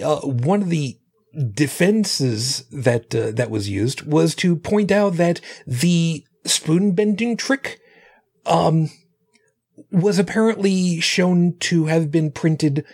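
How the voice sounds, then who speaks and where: A tired man co-hosts a late-night podcast, reading aloud with a lively, swooping delivery. His voice is gravelly and a little husky, and his words slur slightly with fatigue. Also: a little high, takes it slowly. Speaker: podcast co-host. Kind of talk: casual chat, reading aloud.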